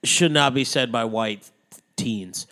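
A man's voice: medium pitch, slow pace, sharp tone. A man co-hosting a podcast in casual chat, joking, swearing and laughing often. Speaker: podcast co-host.

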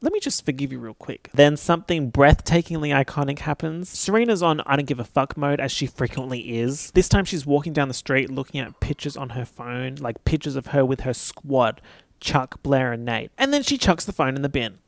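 A man talks through a TV episode in a sassy, sweary, animated way, his voice leaping into sudden high squeals. His pitch sits in an ordinary middle range. The sound is close and dry, with no room around it. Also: moderate pace, creaky, no room sound. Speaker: TV recap vlogger. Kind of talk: casual episode recap.

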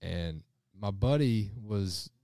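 A man hosts a relaxed hunting podcast, telling animated stories and swearing freely. His voice sits fairly low. The sound is dry and close, with no room echo. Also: slow, creaky. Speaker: podcast host. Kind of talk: casual chat, storytelling. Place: hunting lodge, drinking beers.

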